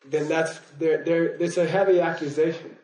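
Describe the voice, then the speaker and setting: Older man, class lecturer, rambling and chuckling, a touch high-pitched. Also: steady tone, moderate pace, a little mellow, poor audio. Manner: digressive storytelling, frequent "okay?" and "you know?" check-ins; chuckles while telling stories. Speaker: teacher. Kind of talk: lecture to students.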